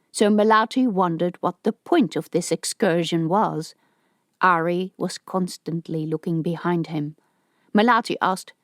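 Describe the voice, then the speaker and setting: A woman narrating a science fiction audiobook in a steady, even storytelling voice. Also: on the low side, no echo, studio quality.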